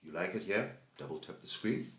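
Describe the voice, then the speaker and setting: A man's voice: deep voice, lively intonation, a little fast, fairly bright tone, reverberant. A man gives a laid-back, preachy spiritual talk to live-stream viewers and laughs often.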